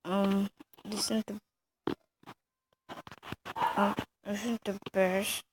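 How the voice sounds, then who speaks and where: A woman's voice: medium pitch, level tone, drawn-out words, background noise. A woman ranting casually in a reaction video, mocking and giggly, rambling with many fillers. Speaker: video creator.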